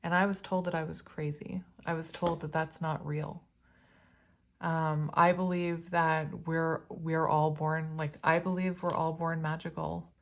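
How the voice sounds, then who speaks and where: A woman giving a casual spiritual tarot reading, talking in an earnest, rambling way with lots of "like" and "you know". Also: on the low side. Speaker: tarot reader.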